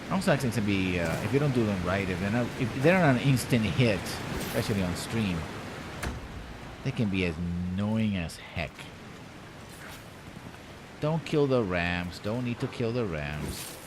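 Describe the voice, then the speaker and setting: A man with a somewhat low voice talks his way through a game on a live stream, thinking out loud and tossing off puns. His commentary is loose and rambling. A steady wash of background noise sits under the voice. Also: moderate pace, long pauses. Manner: rambling, jokey self-talk with puns.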